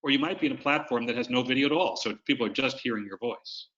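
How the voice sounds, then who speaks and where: Webinar presenter, man, bright and forceful tone, coaching style, dull lo-fi video-call sound. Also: medium pitch, fast talker. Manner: coaching, explains with demonstrations. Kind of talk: instructional webinar talk.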